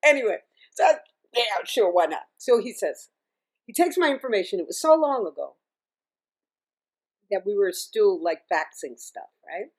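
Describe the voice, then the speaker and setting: A middle-aged woman, a singer and music teacher, telling stories as an interview guest in a chatty, animated way, often laughing and restarting her sentences. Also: mid-range voice, moderate pace, long pauses. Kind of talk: casual interview storytelling.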